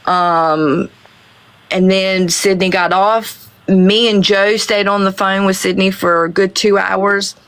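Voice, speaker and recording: A woman on a livestream slowly telling a story, with many hesitant pauses. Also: mid-range voice, fairly even intonation, fairly bright tone, clean tone. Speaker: livestream guest. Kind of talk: casual livestream chat.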